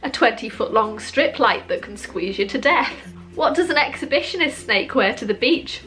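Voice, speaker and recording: A woman reading a long list of pun jokes, landing the punchlines slowly and dryly and adding wry asides. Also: fairly high pitch. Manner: dry, slow deadpan punchlines with wry self-commentary. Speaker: joke video creator.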